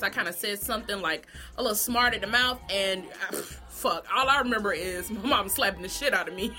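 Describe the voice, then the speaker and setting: Woman vlogger ranting about gossip, higher voice, swears a ton, super animated. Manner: animated, profane, talks straight to viewers. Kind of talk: comedic gossip rant.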